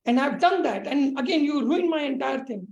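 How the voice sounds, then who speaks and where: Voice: high voice, expressive, moderate pace, creaky, darkish tone, reverberant, lo-fi sound. A woman telling a teaching story who voices a proud, angry male yogi back from twenty years of meditation, in an indignant, ranting way.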